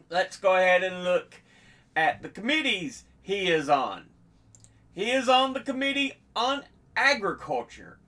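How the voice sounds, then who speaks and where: A man with a slightly higher voice than most talks very slowly through dates and dollar amounts as a host. His tone is bright and forward. He keeps a steady, measured delivery and now and then restarts a phrase. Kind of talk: unscripted informational presentation.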